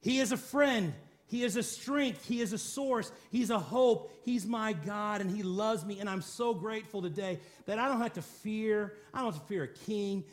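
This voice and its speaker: A man with a high, bright-pitched voice preaches emphatically. He stacks up repeated declarations and rhetorical questions and calls on his listeners to answer back. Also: moderate pace, hardly any pauses. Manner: calls for congregation response. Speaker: pastor. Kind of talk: sermon.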